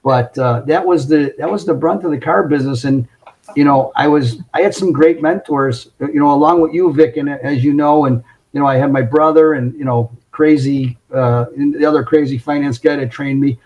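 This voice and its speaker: A middle-aged man recounts stories in a lively, casual way, often laughing. His voice sits a little high for a man. He is recording from a closet at home. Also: normal speed, lo-fi sound. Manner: animated, laughs while telling stories. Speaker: podcast guest. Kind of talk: casual storytelling.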